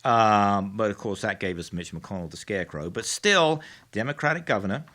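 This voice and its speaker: A man's voice: fairly low pitch, lively intonation, normal speed, a bit bright. A man with a Texas accent hosting a political commentary show in a studio, speaking with mock-astonished, theatrical sarcasm.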